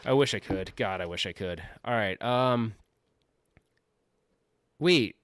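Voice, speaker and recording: A man's voice: lowish voice, expressive, takes it slowly, a bit bright. A man hosting a casual livestream from his home office, rambling and joking, often laughing at himself. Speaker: livestream host.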